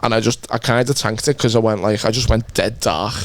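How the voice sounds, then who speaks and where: A man's voice: fairly low pitch, steady tone, brisk, no echo. A young Scouse man from Liverpool, co-hosting a podcast and telling a rambling, sweary story about a stand-up gig, laughing as he goes. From Liverpool, England. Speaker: podcast co-host and stand-up comic. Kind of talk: casual chat.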